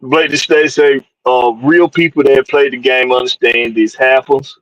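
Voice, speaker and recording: A man's voice: medium pitch, fairly even intonation, a little slow, a bit bright, no echo, dull audio. A man from hosts a casual live-stream sports show, loose and jokey, reading out viewers and tossing in "man" all the time. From Georgia, USA. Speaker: podcast host.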